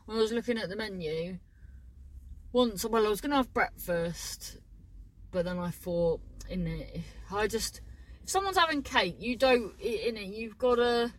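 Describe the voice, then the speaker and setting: A woman talks to the camera in loose, casual chat. She rambles, swears freely and drops thoughts halfway to start new ones. Her voice sits at an ordinary pitch for a woman. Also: lively intonation, moderate pace, poor audio. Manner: rambling, chatty and sweary, trailing off mid-sentence. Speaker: vlogger.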